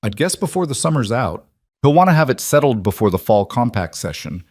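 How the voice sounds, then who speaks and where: A man voicing a quiet, careful cowboy who speaks plainly in a storybook reading. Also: medium pitch, big pitch swings, brisk, no room sound, clean studio sound, voice pushed up. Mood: quiet, earnest.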